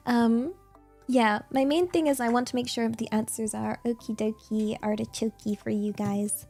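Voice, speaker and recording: Bubbly high-voiced woman, VTuber host, cutesy casual stream chat. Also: steady tone, moderate pace, creaky, warm tone, soft background music. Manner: bubbly, giggly, cutesy phrasing.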